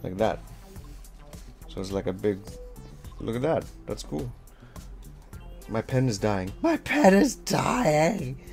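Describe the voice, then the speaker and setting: A man's voice: lowish voice, slow, gravelly, long pauses, dark tone, faint music behind. A man leading a casual draw-along lesson, talking as he draws, playful and rambling with self-mocking asides. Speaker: drawing instructor.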